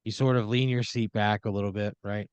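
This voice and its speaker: A man's voice: lowish voice, steady tone, a little fast, smooth, no echo, muffled recording. A man improvising a rambling, profane story in the second person, full of fillers, as a comedy podcast co-host.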